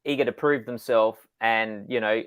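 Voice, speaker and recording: A man's voice: lowish voice, steady tone, moderate pace, clear, resonant tone, highs cut off. A man co-hosting a casual film chat over a video call, an easygoing storyteller with a sardonic streak who laughs easily. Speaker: filmmaker co-host.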